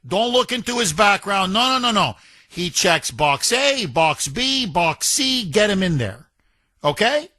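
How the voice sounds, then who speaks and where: A man's voice: sits high, pushed and bright, no room sound. A man hosting a talk radio show, delivering an indignant, mocking monologue and mimicking the people he talks about.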